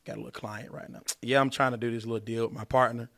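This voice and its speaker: A man's voice: mid-range voice, steady tone, a little fast, creaky, a bit bright. A man acting out a boastful young man who keeps taking his phone out on a first date and snaps at a caller. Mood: distracted.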